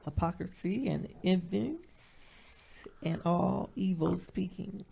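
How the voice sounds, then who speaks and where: A congregant reading scripture aloud in slow, steady lines during a sermon. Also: medium pitch, gravelly, husky, dull audio.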